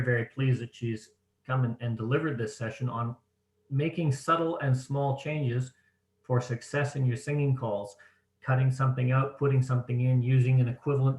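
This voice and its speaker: A man hosting an online discussion for square dance callers, explaining things in a measured way over a video call. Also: medium pitch, darkish tone, reverberant, poor audio. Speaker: host of a caller training session.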